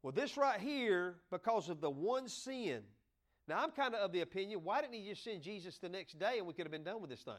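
A man with a high voice and a drawl preaches to his church. He talks in a folksy, joking way and now and then bursts out loud. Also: animated, fairly quick. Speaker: pastor. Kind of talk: sermon.

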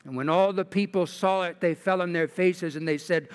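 A man preaching a sermon and reading scripture aloud, dramatic, with pitch climbing on quoted lines. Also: steady tone, normal speed, hardly any pauses, clear, resonant tone, big-room sound.

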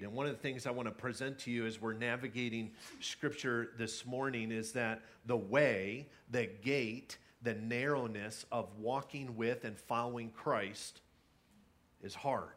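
A man's voice: mid-range voice, fairly bright tone. A young adult man, a pastor, preaching a conversational sermon with many fillers and restarts. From California.

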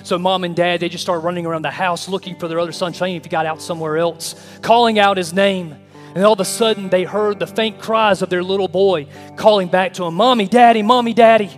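Male pastor preaching hard, lots of repetition building up, slightly high voice, quiet guitar behind. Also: fairly even intonation, brisk. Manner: impassioned, repetitive preaching cadence. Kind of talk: sermon. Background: soft guitar music.

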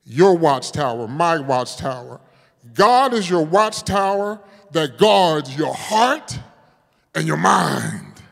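A man pastor preaching a sermon, swinging from loud, forceful declarations to hushed, prayerful murmurs, and joking and laughing with his congregation. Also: a little high, lively intonation, slow pace, vocal fry, in a large hall. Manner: calls on the congregation, jokes and laughs with them.

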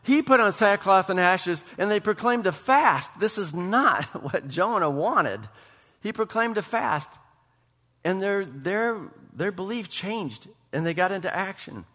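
A man's voice: high-pitched, expressive, unhurried, sharp tone. A man preaching a sermon as pastor, building passion with emphatic repetition. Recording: long reverb of a church hall.

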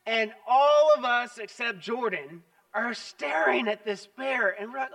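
A man delivers a sermon in a high, bright tone. He tells stories with animated emphasis and repeats his points. The voice is picked up from some distance away. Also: moderate pace, few pauses. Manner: animated storytelling, emphatic repetition. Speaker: pastor.

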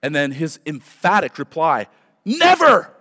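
Male pastor, mid-pitched voice, emphatic sermon delivery, long hall reverb. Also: moderate pace. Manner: earnest, emphatic preaching with repeated phrases.

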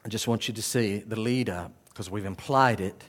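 A man preaching a sermon as pastor, swinging from quiet, low passages to loud, raised exclamations. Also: normal speed.

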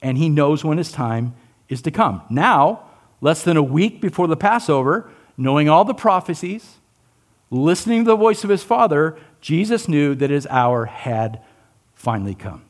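Lively preaching man, voice rising and falling. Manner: animated, asks the listeners questions, acts out quotes; drops low and soft on key lines. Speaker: pastor. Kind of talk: sermon.

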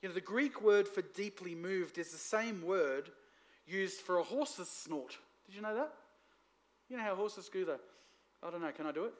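A man preaching to a church congregation, lively, asking the room for responses. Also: high-pitched, moderate pace. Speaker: pastor. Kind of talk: sermon.

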